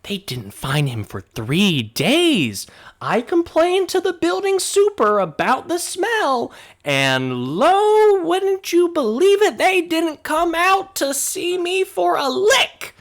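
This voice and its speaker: A nosy old lady neighbor in a tabletop game, her voice squeaking up high and swooping all over, fluttery and teary, stretching every word. She gushes and frets like a busybody fretting over the whole building. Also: big pitch swings, full character voice. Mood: gossipy. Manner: shrill, fluttery and sobbing, drawn-out exclamations. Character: gushing elderly woman neighbor, weepy and nosy.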